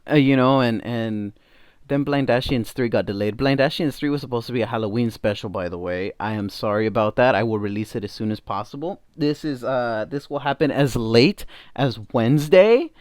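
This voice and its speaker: A man's voice: mid-range voice, smooth, no room sound, studio quality. A man giving blunt, casual reaction commentary, swearing freely and padding his talk with fillers. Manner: blunt and profane, with many fillers.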